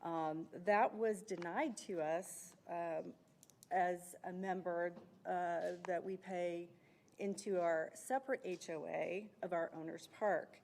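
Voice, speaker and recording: A woman giving a measured, slightly halting public comment at a county meeting podium, with occasional fillers. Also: on the low side, fairly even intonation, creaky, a little mellow, a little hiss or hum.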